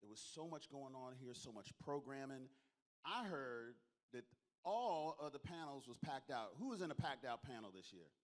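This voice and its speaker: A man speaks from a convention stage at an even middle pitch. He tells jokey stories and keeps calling on the crowd to applaud, in a lively closing speech. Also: normal speed. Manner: storytelling, joking, calls on the audience to applaud.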